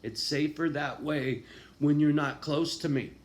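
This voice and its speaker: A man in a raw, confessional monologue, swearing constantly and swinging from quiet, low talk to loud, angry outbursts. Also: steady tone, a little slow. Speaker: vlogger.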